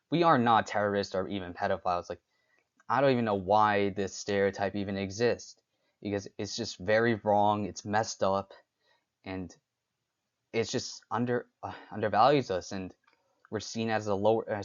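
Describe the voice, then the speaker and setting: A young man hosting a solo talk, speaking haltingly with frequent restarts and fillers. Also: on the low side, dull audio. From United States. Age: young adult. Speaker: podcast host. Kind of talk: unscripted solo talk on stereotypes.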